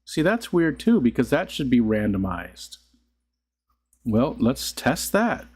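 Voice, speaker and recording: A man's voice: medium pitch, sing-song, takes it slowly, a little mellow, breathy edge. A middle-aged man hosting a casual live stream, rambling and chuckling as he talks to his chat. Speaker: livestream host.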